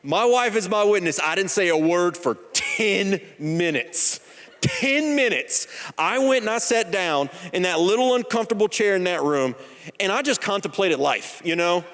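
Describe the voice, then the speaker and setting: A man in his thirties preaching a sermon, telling personal stories in a conversational, humorous, animated way. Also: sits high, moderate pace. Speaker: pastor. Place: church sanctuary. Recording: long church hall reverb.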